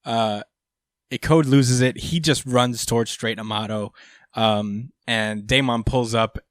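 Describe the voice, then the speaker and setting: A man's voice: medium pitch, steady tone, slow pace, no room sound, clean studio sound. A young man hosting a podcast, recapping a chapter in rambling casual chat with many fillers and casual swearing. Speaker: podcast host.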